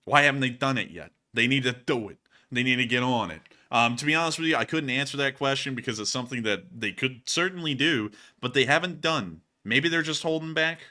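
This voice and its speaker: A young man in his twenties hosting a casual live stream, joking and animated as he answers viewer questions. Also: medium pitch, brisk. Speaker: host.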